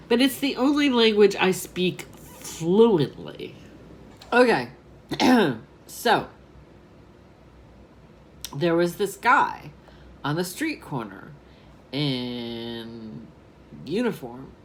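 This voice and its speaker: A woman's voice: deep voice, slight background noise. A woman in her twenties from New York, telling a rambling story on her vlog and often laughing at herself. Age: 20s. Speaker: vlogger.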